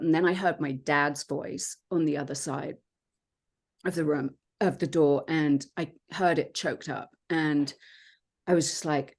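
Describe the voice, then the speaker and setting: A woman, a podcast guest, telling her own story in an earnest, reflective way with many pauses and fillers. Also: deep voice, steady tone. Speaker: podcast guest, transformation coach. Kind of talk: personal storytelling in conversation.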